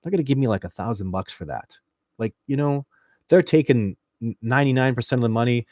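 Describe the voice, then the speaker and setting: A Canadian man hosting a casual livestream, reading viewer questions and rambling excitedly with lots of restarts and fillers. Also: mid-range voice, quick pace, no echo, studio quality. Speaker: livestream host.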